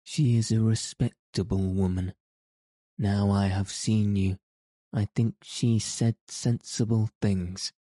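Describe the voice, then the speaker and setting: A man's voice: on the low side, fairly even intonation, slow, mellow, no echo. A man voicing a weary, troubled middle-aged guardian in an audiobook, distracted and muttering. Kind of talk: audiobook character reading.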